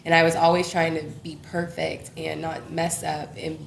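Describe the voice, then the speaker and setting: A woman's voice: deep voice, monotone, normal speed, gravelly, slight background noise. A young woman speaking as an interview guest, open and reflective, with easy laughs and plenty of fillers. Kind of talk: candid personal conversation. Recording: roomy echo.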